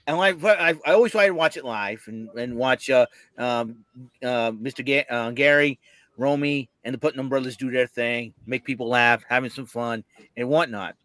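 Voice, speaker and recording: A man chatting casually on a podcast, telling a story in an animated way and laughing often. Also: mid-range voice, normal speed, no room sound. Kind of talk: casual chat.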